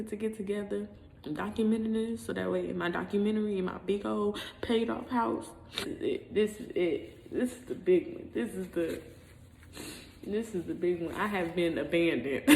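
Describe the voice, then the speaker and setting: A woman in her twenties pours out her frustration in a raw, self-filmed vlog. Her mid-pitched voice has gravelly fry. Clear background noise sits under her words. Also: dark tone, roomy sound, long reverb tail, rough recording. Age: 20s. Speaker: vlogger. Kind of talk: emotional self-recorded vlog.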